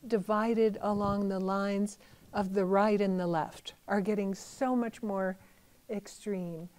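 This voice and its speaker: Soft-toned woman giving a gentle talk. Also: mid-range voice, low-quality recording. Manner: gentle, thoughtful, conversational with fillers. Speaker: Buddhist teacher. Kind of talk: reflective talk.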